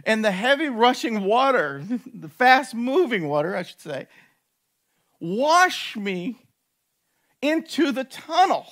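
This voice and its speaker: A man's voice: very high-pitched, very animated, slow pace, fairly bright tone, pitched above the performer's own voice, exaggerated voice. A man acting out a frightened, soaked young wife as she urgently retells a near-drowning, from within a sermon. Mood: distressed, urgent.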